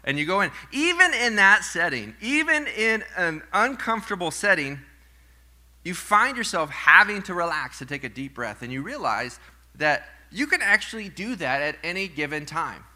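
A man in his thirties preaching a sermon to a live congregation, conversational and storytelling, with playful asides and softer reflective moments. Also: sits high, sing-song, moderate pace. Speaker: pastor. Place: church sanctuary with live congregation.

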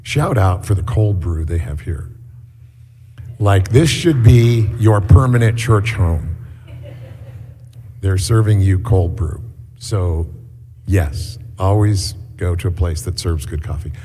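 A middle-aged man giving a sermon as a guest preacher in a church, telling stories in a relaxed, chatty way with many fillers. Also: low-pitched, slow pace, pauses often, husky. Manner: conversational storytelling with many fillers. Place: church hall. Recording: echoey hall.

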